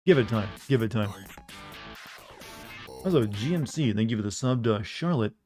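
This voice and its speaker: A man's voice: lowish voice, animated, moderate pace, darkish tone, faint music behind. Male streamer, sleepy, drawling, casual chat with viewers.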